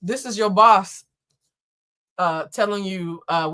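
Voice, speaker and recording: Joking, animated woman reading tarot live. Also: on the low side, a little slow. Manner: animated, joking, laughing, swearing, chatting with viewers. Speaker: tarot reader hosting a live stream. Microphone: laptop or camera setup.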